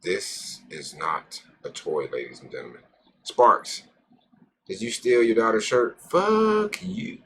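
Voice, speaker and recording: A man's voice: deep voice, very animated, unhurried, a bit bright, slight background noise. A man hosting a casual live stream, rambling, joking with his viewers and cursing freely. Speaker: cannabis live-stream host.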